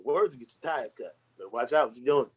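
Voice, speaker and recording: A man's voice: mid-range voice, lively intonation, a little fast, noisy background. A man speaking candidly and earnestly in casual conversation, rambling with restarts and slang. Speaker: podcast guest.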